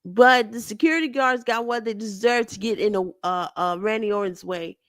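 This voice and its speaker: A woman's voice: a little high, normal speed, no echo, clean studio sound. A woman hosting her own show, chatting through a wrestling recap in a rambling way, often correcting herself. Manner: rambling, self-correcting, animated. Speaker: show host.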